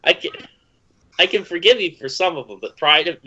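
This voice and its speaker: A man in his twenties, excitable and swearing freely, chatting casually during a movie commentary. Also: on the high side, fairly quick, breathy edge, highs cut off. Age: 20s. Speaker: commentary guest.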